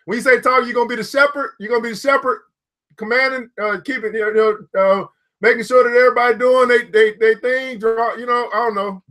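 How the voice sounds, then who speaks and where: A high-pitched man gives a live motivational talk. He is preachy and repetitive and keeps calling out viewers by name. His tone is bright and forceful. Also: steady tone, brisk. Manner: preachy, repetitive, calls out viewers by name, laughs at own jokes. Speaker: founder giving a motivational talk.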